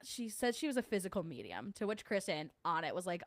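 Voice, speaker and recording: A woman's voice: on the low side, sing-song, quick pace, hardly any pauses. A young woman from New Jersey with a New Jersey accent, hosting a casual livestream and answering chat, chatty and laughing often. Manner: chatty, laughs often, mimics others mid-story. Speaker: podcast host reading live chat.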